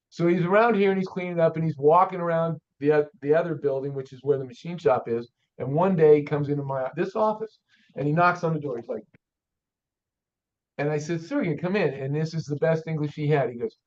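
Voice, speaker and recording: Folksy older man, lo-fi audio. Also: on the high side. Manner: folksy, animated storyteller. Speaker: auto shop owner, podcast guest. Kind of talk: casual storytelling interview. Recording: dull lo-fi audio.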